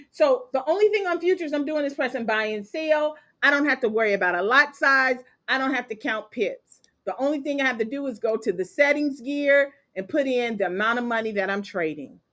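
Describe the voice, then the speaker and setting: Female trading teacher, upbeat and fairly high-pitched, live online lesson, keeps asking "okay?". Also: fairly bright tone. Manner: brisk, checks in with "okay?" and "capiche?". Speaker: trading instructor.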